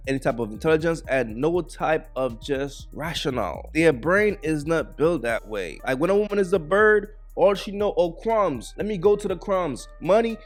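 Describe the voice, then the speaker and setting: A man hosting a reaction video, giving blunt, mocking, opinionated commentary on clips. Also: a little high.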